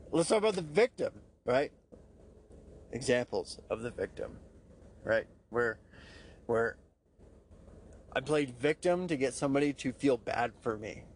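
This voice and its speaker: A man's voice: medium pitch, lively intonation, a little slow, pauses often, slight background noise. Candid, profane man in a personal monologue. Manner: candid, profane, self-mocking, frequent "right?" asides. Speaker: podcast host.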